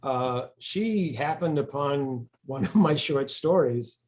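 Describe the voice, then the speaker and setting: A man's voice: fairly high pitch, lively intonation, slow pace, a little mellow. Man talking in a rambling, storytelling way. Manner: rambling storyteller, frequent restarts. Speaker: author being interviewed. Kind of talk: casual interview talk.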